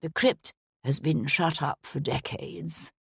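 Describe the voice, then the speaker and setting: A woman voicing a frail, dying elderly archbishop who speaks weakly and with measured care. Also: low voice, creaky, a bit bright, breathy edge, no room sound, clean studio sound, heavily acted. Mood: grave, weary. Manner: weak, measured.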